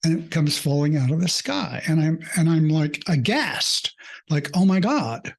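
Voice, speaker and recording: Speaking with a fairly high, expressive voice and some vocal fry, this man, a mindfulness coach, shares a personal story. He's reflective and hesitant, using many fillers, and comes across as sincere and openly emotional.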